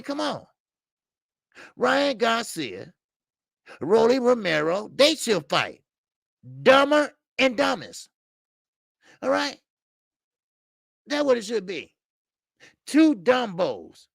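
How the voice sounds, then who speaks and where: Gravelly, profane older boxing host. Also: male voice, extremely high pitch, no echo, clean studio sound. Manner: blunt, profane, rambling with stammered fillers. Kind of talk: casual live-stream commentary.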